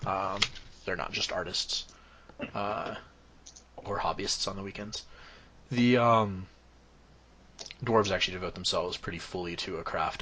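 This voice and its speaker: A man's voice: low-pitched, pushed and bright, slight background noise. A man serving as game master, narrating a tabletop game in a loose, explaining way with lots of fillers.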